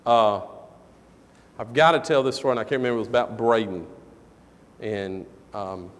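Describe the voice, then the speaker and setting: Animated male preacher in reverberant hall. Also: lowish voice, normal speed, a little hiss or hum. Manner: animated storytelling, shouting in quoted moments. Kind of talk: sermon with a personal story. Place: church sanctuary.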